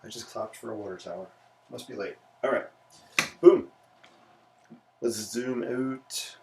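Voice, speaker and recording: Man, low gravelly voice, relaxed playful art-stream host; slightly distant mic with faint noise. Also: a little fast. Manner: relaxed, chatty, playful asides. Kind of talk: casual live sketching stream.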